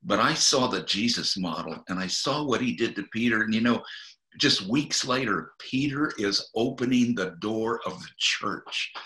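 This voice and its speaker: A man, a guest minister, earnestly retelling a Bible story in an interview, with halting restarts, and acting out the quotes. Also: fairly low pitch, animated, sharp tone. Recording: echoey room.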